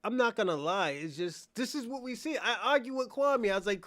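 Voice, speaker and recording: A man's voice: high voice, expressive, brisk, hardly any pauses, a bit bright, no room sound, studio quality. A man hosting a channel, giving blunt, profane casual commentary with laughing asides.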